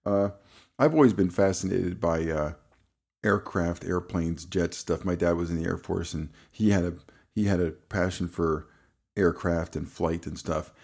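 A man co-hosting a casual podcast, rambling and halting, laughing easily and stumbling over words. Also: sits low, creaky, a little mellow. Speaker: podcast co-host. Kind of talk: casual chat.

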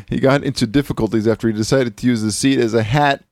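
A man's voice: fairly even intonation, brisk, a little mellow, no room sound. A man hosting a podcast in a studio, chatting casually in a joking, rambling way and laughing often. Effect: pitch-shifted high cartoonish voice. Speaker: podcast host. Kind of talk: casual chat.

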